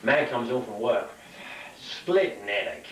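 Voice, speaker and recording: A man reels off jokes in a plain, matter-of-fact way, at an ordinary middle pitch. He is recorded from some distance in an echoey room, with faint ambient noise behind him. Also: lively intonation, a little slow, vocal fry. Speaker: stand-up comedian. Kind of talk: telling jokes.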